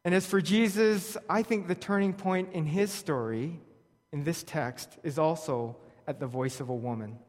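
A man's voice: a little high, normal speed. Man preaching in an echoing hall. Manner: lively storytelling, wry humor, reads verses aloud. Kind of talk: sermon. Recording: long reverb of a large hall.

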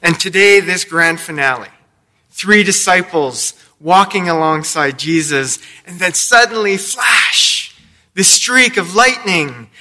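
Guy pastor giving a sermon, slow and deliberate, really bright voice, kinda high. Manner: storytelling with playful asides. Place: church sanctuary.

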